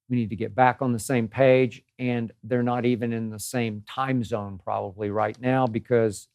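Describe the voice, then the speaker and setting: An older man sounds off in a sports commentary monologue, hammering his points and repeating phrases with exasperated emphasis. His voice sits at an ordinary pitch, recorded close and dry with no room sound. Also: darkish tone, no room sound. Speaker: host.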